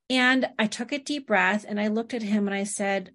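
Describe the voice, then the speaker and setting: A woman's voice: mid-range voice, steady tone, normal speed, hardly any pauses, pushed and bright. A middle-aged woman, a therapist guest, talking casually in an interview and telling stories with quoted dialogue. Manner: anecdotal, quotes clients and family in dialogue. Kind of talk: conversational interview.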